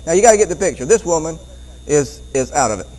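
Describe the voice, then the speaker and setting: A man preaching a Bible-teaching sermon, animated, often repeating words and chuckling as he goes. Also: on the high side, fast, low-quality recording.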